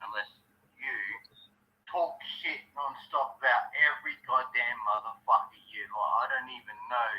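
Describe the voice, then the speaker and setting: A man's voice: medium pitch, normal speed. A man with an Australian accent ranting furiously and profanely at someone on a live stream call. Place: bathroom. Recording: muffled phone line.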